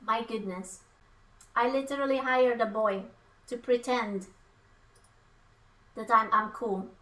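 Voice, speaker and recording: A woman's voice: on the high side, steady tone, takes it slowly, a bit bright. A young woman, chatting playfully on a live cooking stream and breaking into silly sing-song noises. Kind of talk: casual live-stream chat while cooking.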